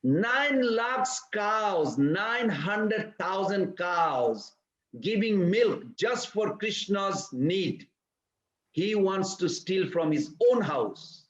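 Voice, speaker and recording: A man's voice: sits high, expressive, extremely slow. A man leading a scripture class, telling stories animatedly and asking his listeners rhetorical questions. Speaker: spiritual teacher. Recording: echoey room, dull lo-fi sound.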